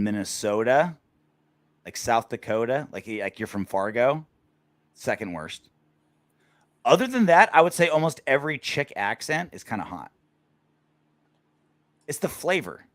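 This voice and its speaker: A man's voice: mid-range voice, a bit bright, no room sound. A man hosting a casual sports podcast, joking around with crude banter. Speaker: podcast host.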